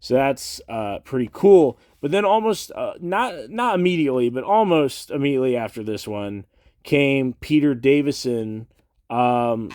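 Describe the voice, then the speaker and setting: A man's voice: mid-range voice, darkish tone, no echo, studio quality. A man with a cold and a congested, nasal voice, rambling casually and a little hesitantly to the camera indoors. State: has a cold. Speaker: collector vlogger. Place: indoors beside a shelf.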